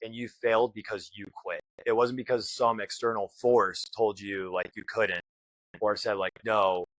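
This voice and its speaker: A man's voice: lowish voice, dry recording, poor audio. A man telling a story in casual podcast talk, acting out what other people said as he goes. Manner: fast, animated retelling with voiced quotes. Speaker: guest.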